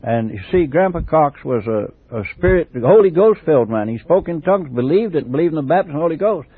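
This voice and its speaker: A man's voice: fairly high pitch, animated, quick pace, slightly rough, dry recording, narrow, tinny audio. An older man from England telling his life story for a personal memoir tape, in a rambling, digressive way full of restarts.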